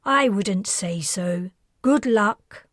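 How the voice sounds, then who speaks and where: A woman's voice: mid-range voice, lively intonation, very slow, dry recording, studio quality. A woman reading aloud, voicing a wry, confident adviser who teases. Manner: wry, teasing.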